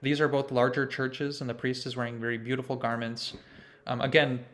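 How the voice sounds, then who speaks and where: A young man in his twenties, a conducting student, gives a conversational online presentation to a choir over video call, explaining church music and leading chants. His mid-range voice is level, a bit bright, and a little fast.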